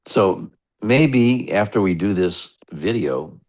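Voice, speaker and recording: A man's voice: lowish voice, expressive, takes it slowly, a little mellow. An American man, a radio DJ, telling rambling stories as a guest in a casual interview. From United States. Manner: chatty, rambling anecdotes.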